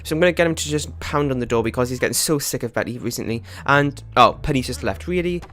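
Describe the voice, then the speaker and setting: A man giving casual gameplay commentary as a let's play host, rambling and chatty with many fillers and quick laughs. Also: medium pitch, fairly bright tone.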